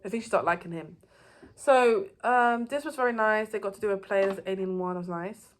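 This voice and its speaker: A woman's voice: medium pitch, a little fast. A woman giving a casual, rambling recap of a TV season, with loose phrasing and frequent restarts. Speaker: TV show reviewer.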